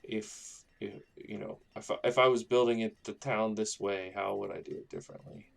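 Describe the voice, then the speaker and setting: A man's voice: lowish voice, fairly even intonation, moderate pace, creaky. A man casually commenting on his own gameplay, rambling and thinking aloud as he builds a town. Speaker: gaming YouTuber.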